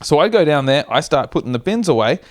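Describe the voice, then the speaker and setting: A man's voice: fairly high pitch, big pitch swings, fast talker, no room sound, studio quality. A man, co-hosting a comedy podcast, telling stories casually, swearing often and acting out other people's voices. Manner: swears a lot, acts out quoted voices. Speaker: podcast co-host.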